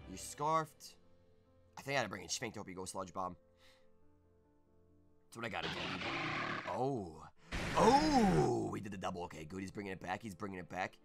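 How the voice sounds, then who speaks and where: A young man streaming live gameplay, talking through his moves and breaking into shouts when things go his way. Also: lowish voice. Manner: excitable, bursts into shouts.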